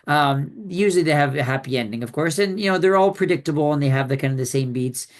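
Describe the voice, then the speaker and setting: A man's voice: a little high, fast. A man co-hosting a podcast, giving his film opinion in casual, hesitant chat. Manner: hesitant, many fillers and restarts. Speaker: podcast co-host.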